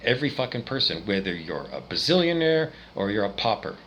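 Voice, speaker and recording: A man's voice: lowish voice, big pitch swings, a little fast, a bit bright, a little hiss or hum, poor audio. Profane, agitated ranting man. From Canada. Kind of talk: angry rant monologue.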